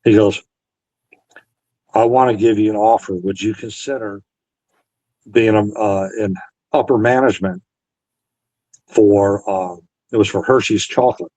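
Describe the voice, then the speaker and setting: Earnest veteran man, lowish voice, dry close sound, relays old conversations line by line. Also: steady tone, unhurried, pauses often, mellow, no echo, dull audio. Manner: retells conversations, quoting both sides. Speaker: Navy veteran guest. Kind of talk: storytelling interview.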